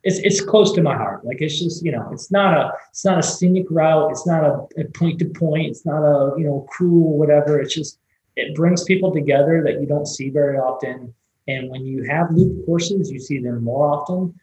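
A man's voice: fairly high pitch, moderate pace, darkish tone, echoey room, low-quality recording. A man, a race director, telling stories in a casual, rambling interview, with many restarts and fillers. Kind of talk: conversational interview storytelling.

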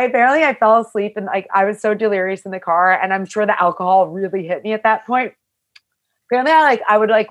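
A young woman casually telling a long story, talking loosely with lots of "like" fillers and animated, quoted asides. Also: lowish voice, dull audio. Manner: chatty, full of "like" fillers, animated retelling. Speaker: hiker telling her story.

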